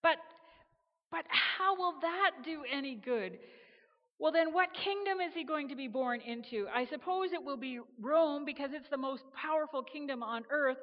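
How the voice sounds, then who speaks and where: A jittery, skeptical angel who can't stop blurting out objections, stretching his outraged questions, as a woman storyteller puts him on. The voice sits higher than her narration and punches louder. The recording is muffled and trails off in a long echo. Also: close to an everyday voice. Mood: incredulous. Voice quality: higher and louder, drawn-out exclamations. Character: excitable skeptical male angel, blurting and fussy. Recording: dull reverberant sound.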